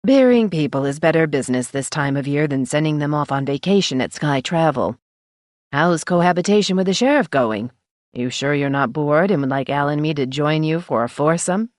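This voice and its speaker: A woman voicing a husky, bawdy middle-aged woman who runs a funeral home, drawling and teasing in an audiobook. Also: low voice, expressive, normal speed, darkish tone, no room sound, clean studio sound. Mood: sly teasing. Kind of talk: audiobook character voice.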